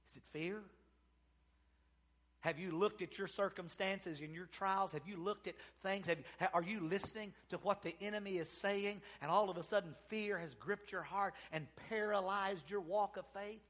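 A man preaching a sermon, swinging between loud exclamations and hushed, drawn-out storytelling. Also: high-pitched.

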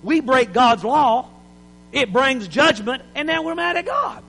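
A man preaching an impassioned sermon in a church, building to shouts. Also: very high voice, sing-song, a little slow, big-room sound, a little hiss or hum, poor audio.

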